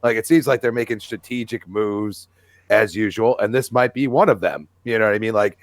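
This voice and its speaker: A man's voice: fairly low pitch, brisk, no echo. A man on a gaming podcast panel who talks in a laid-back, joking way and says "you know" often. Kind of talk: casual panel chat.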